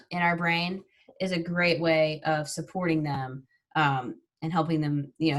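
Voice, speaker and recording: Chatty woman leading a mindfulness class. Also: fairly low pitch. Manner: upbeat, chatty, yawns during breathing exercises. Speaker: mindfulness teacher. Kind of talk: live online mindfulness class.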